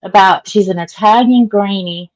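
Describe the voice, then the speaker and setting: A woman's voice: mid-range voice, normal speed, low-quality recording. A middle-aged woman with a Southern accent, chatting casually with live viewers and greeting them by name. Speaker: vlogger.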